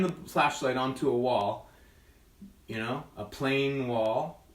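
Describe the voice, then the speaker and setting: A man's voice: medium pitch, slow pace. A man teaching a children's puppetry workshop in a friendly, chatty, playful way, often checking in with "right?". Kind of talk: children's craft tutorial. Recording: echoey room, distant mic.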